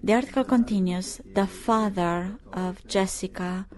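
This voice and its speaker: A woman preaching, recounting news in a halting, filler-heavy way, rising to forceful preaching. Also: mid-range voice. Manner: halting, many fillers and restarts; grows loud and forceful when preaching. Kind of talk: sermon reading news and prophecy.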